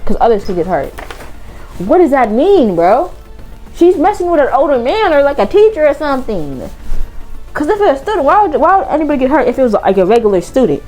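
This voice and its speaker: A woman's voice: high voice, big pitch swings, brisk, dark tone, faint music behind, rough recording. A woman giving casual let's-play commentary as a gaming vlogger, blunt and slangy, swearing freely.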